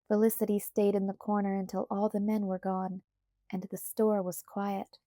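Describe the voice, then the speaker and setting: A woman narrating a children's audiobook in a calm, even storytelling voice. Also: medium pitch, normal speed, no room sound, studio quality. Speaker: audiobook reader. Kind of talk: scripted narration.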